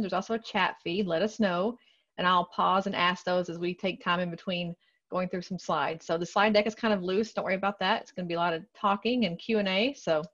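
Upbeat woman webinar host, mid-pitched, slangy and bubbly, slightly muffled video-call sound. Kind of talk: casual webinar hosting.

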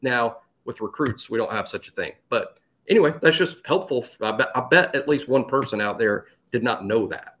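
This man co-hosts a sports podcast, his medium-pitched voice fairly bright and animated at a normal speed. He chats casually, often repeating words as he thinks.

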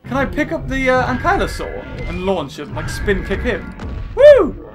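A man doing jokey gameplay commentary as a let's play host, excitable and often shouting at the screen. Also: extremely high pitch, moderate pace. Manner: excitable and jokey, yelling at the game. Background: game music.

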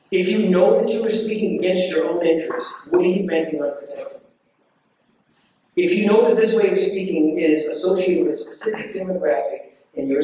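A man giving an impassioned debate speech as guest speaker, driving his points home with repeated rhetorical questions and drawn-out stresses. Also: a little high, dark tone, slight background noise. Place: debate hall. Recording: echoey hall from far off.

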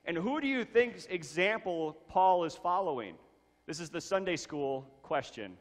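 A man preaching from the front of a church sanctuary, his fairly high voice ringing with a long reverb off the hall. He reads scripture aloud, then unpacks it, repeating key phrases for weight. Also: expressive, unhurried. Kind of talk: sermon.

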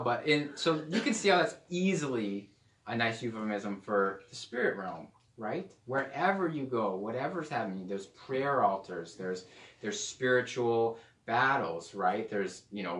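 A man's voice: medium pitch, expressive, normal speed, fairly bright tone. A man preaching a casual, joking sermon to a small group, now and then slipping into playful put-on accents. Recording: echoey room, mic at a distance.

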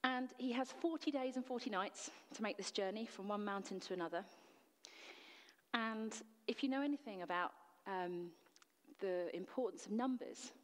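A woman's voice: medium pitch, moderate pace, long reverb tail. A woman preacher delivering a sermon in an earnest, emphatic way, full of rhetorical questions. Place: church.

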